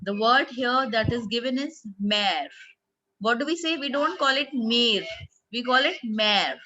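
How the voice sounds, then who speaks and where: A woman with an Indian English accent teaching a French class online, explaining slowly and quizzing her pupils. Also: high-pitched, bright, forceful tone, lo-fi sound. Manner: slow, explanatory, asks the class questions.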